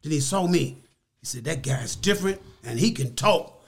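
Older male guest, high-pitched, emphatic, animated storyteller who voices his quotes. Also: moderate pace, vocal fry, breathy edge. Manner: emphatic, repeats key words. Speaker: interview guest. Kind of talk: storytelling in a podcast interview.

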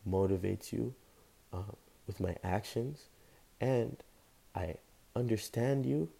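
A man's voice: on the low side, creaky, dark tone, slightly rough. A young man giving an impassioned, rambling motivational monologue as a show host, talking casually with slang. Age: young adult. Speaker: podcast host.

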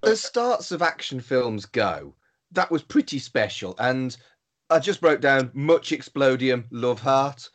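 Man, lively pitch, mid voice, dry teasing banter. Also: slow pace. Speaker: podcast co-host. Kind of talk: casual banter.

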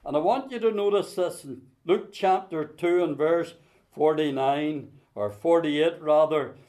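A man preaching a sermon, booming out scripture, then dropping to a hush to tell a story. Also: a little slow. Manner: swings between loud emphatic scripture quoting and soft hushed storytelling.

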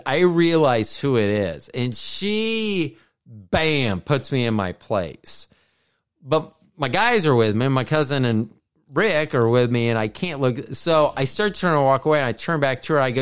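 A man's voice: mid-range voice, sing-song, a little slow, smooth. A man co-hosting a podcast in casual chat, telling stories in a rambling way with many asides and restarts. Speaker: podcast co-host.

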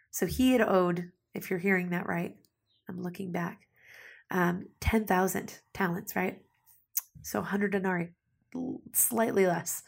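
Husky, gravelly woman preaching. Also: lowish voice. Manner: conversational, restarts and asides, reads scripture aloud. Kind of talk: sermon.

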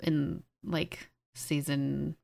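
A woman co-hosting a podcast, talking quickly and giggling often. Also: low voice, flat delivery, vocal fry, a little mellow. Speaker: podcast co-host. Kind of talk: casual chat.

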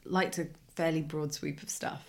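Woman podcast co-host, casual banter, lower voice, laughs a lot. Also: moderate pace. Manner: laughing, teasing, animated. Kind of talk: casual chat.

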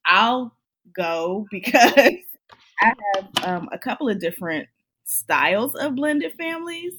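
A woman's voice: medium pitch, animated, measured pace, a bit bright, slight background noise. A woman co-hosting a casual podcast. She is easygoing and laughs often as she reads letters aloud. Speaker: podcast co-host. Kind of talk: casual chat.

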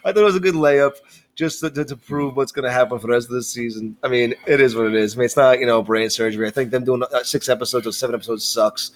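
A man's voice: medium pitch, steady tone, fast talker. A man co-hosting a podcast, chatting casually and laughing along with the other host. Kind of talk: casual chat.

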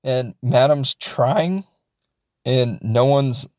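A man's voice: medium pitch, extremely slow, a little mellow, no room sound, clean studio sound. Rambling, jokey man recapping a film. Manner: rambling, jokey, acts out characters. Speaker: film reviewer.

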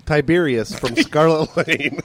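A man's voice: fairly high pitch, measured pace, a crowd in the background. A man co-hosting a podcast, chatting and laughing about beer at an alehouse bar. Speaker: podcast co-host. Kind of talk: casual bar chat.

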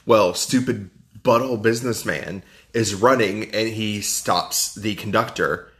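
A man's voice: on the low side, a little slow, fairly bright tone. A man co-hosting a podcast, retelling a movie in casual chat with blunt, sarcastic asides. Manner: blunt, sarcastic name-calling. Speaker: podcast co-host.

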